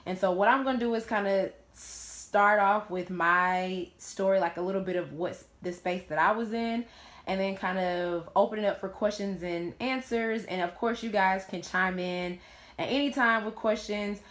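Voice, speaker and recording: A woman's voice: medium pitch, moderate pace, a bit bright. A woman in her late twenties, hosting a live Q&A, who shares her personal story in a casual, candid way and swears freely. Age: late 20s. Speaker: host of a live Q&A stream. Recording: roomy echo.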